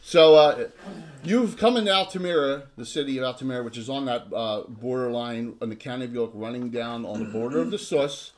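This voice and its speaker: A man's voice: mid-range voice, a little fast, slight background noise. A man narrating as game master of a tabletop game, loose and joking, with frequent restarts.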